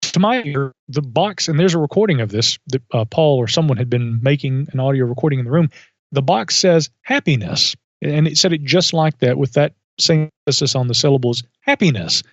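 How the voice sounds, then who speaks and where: Man, podcast guest, measured storytelling, dull lo-fi sound, dry. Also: mid-range voice, no room sound. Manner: thoughtful, measured, with asides and self-corrections. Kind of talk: reflective storytelling in conversation. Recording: dull lo-fi audio.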